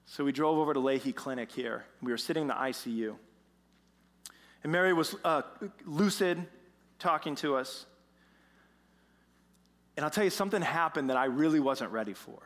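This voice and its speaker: A pastor telling a story in a sermon, animated, moving between hushed moments and emphatic ones. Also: male voice, mid-range voice, moderate pace, pauses often. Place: church sanctuary. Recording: long church reverb.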